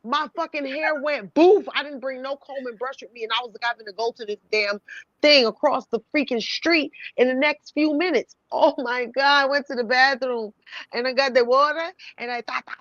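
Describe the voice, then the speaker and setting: Animated storytelling woman, dull dry sound. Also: high voice, normal speed, no room sound. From New York City. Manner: animated, laughing, swears freely. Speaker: voice actress telling a story. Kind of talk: casual storytelling chat.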